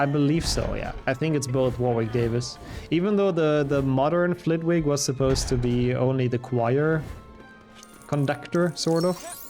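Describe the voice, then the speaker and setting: A man streaming a video game in a relaxed, chatty way, reading out his viewers' messages and answering them as he plays. He talks at an ordinary pitch for a man, and faint game music plays softly behind him. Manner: reads and answers chat while playing, relaxed and chatty. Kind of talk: casual live-stream chat over gameplay.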